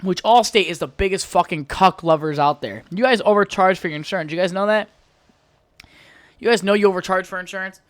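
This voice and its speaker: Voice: medium pitch, a little fast, no echo. A podcast host from the United States ranting heatedly and profanely in a solo monologue.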